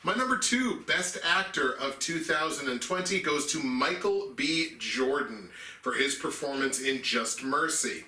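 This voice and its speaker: A man's voice: fairly high pitch, animated, measured pace, pushed and bright, recorded from a distance. A man co-hosting a casual movie review chat, talking earnestly and restarting sentences as he explains his picks. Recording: echoey room, mic set back.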